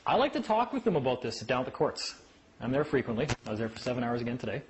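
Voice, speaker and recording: A man's voice: medium pitch, fast, a little hiss or hum, rough recording. A man giving a casual talk on legal rights to a small group, telling stories and acting out voices. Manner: animated storyteller who acts out voices.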